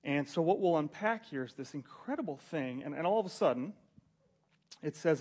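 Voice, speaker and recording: A man's voice: fairly high pitch, lively intonation, moderate pace, a little mellow. A man preaching a casual sermon, reading scripture aloud and retelling it in loose everyday slang.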